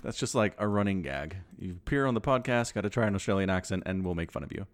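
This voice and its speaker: A man in his thirties co-hosting a podcast, chatting casually and animatedly, his voice leaping up when excited. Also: quick pace. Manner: animated, jumps high in pitch when excited. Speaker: podcast co-host.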